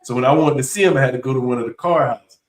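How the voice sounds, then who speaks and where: A man telling a story in a relaxed, laid-back casual chat. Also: medium pitch, racing. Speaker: instructor. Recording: echoey, from far off the mic.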